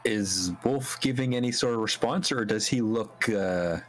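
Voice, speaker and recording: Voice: medium pitch, a little slow, slight background noise. A player in a tabletop role-playing game who asks playful questions and giggles often.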